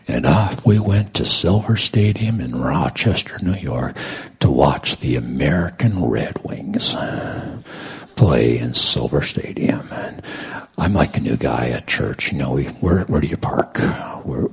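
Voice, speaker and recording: A middle-aged man preaching a sermon as a story. He tells it dramatically, swinging from loud lines to hushed whispers. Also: extremely low pitch, expressive, a little slow. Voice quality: gravelly, raspy.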